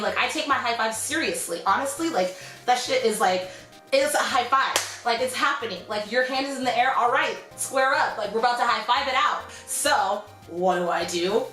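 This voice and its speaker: A young woman vlogger telling a story casually and animatedly, acting out quotes in high squeals. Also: sharp tone. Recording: echoey room.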